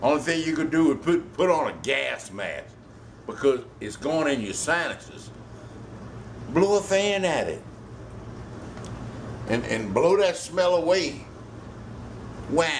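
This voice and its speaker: Slight background noise accompanies a mid-range male voice with a Louisiana Cajun accent. He hosts a home cooking video as a casual demonstration, joking in a folksy manner and swearing freely while he works.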